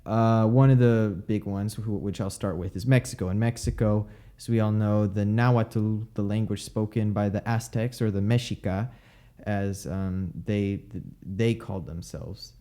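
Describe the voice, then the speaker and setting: A young man talks through speech sounds in a relaxed, unscripted way. He breaks off into "um" and "like" and says example words aloud. His voice sits low and mellow. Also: unhurried. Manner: explanatory, frequent fillers, demonstrates pronunciations. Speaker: podcast host explaining linguistics. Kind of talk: casual educational monologue.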